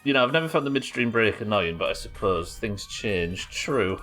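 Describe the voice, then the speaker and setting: A man commentating his game live, with an animated voice that swings up and down. He chats with viewers and muses aloud as he plays. Faint music sits behind him. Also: on the low side, normal speed. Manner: chatty, thinks aloud and thanks viewers. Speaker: streamer.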